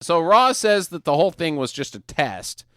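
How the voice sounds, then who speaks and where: Man, podcast host, casual movie riffing, crude jokes, lively pitch, dry close mic. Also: normal speed, clear, resonant tone, dry recording. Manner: joking, crude, slips into silly voices.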